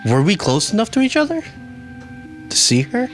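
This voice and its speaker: A man playing in a tabletop game, asking quick questions in a casual way. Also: high voice, wildly swooping pitch, faint music behind. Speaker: player.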